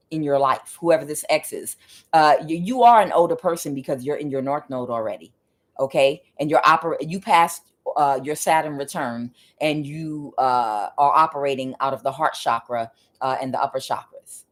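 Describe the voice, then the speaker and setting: A woman tarot reader giving a spiritual reading in an emphatic, preachy way, with frequent fillers. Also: low voice.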